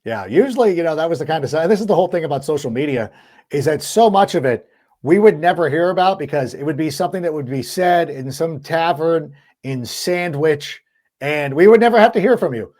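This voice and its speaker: A man hosting a sports podcast in casual chat, talking in an animated, quick way. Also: fairly high pitch. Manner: animated, quick, acts out quoted lines. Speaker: podcast host.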